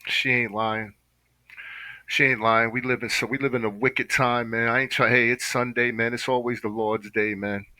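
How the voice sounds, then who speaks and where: Man, very bright forceful tone, dry close sound, impassioned preachy reaction commentary. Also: medium pitch, little pitch movement, moderate pace, no echo, poor audio. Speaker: reaction video host.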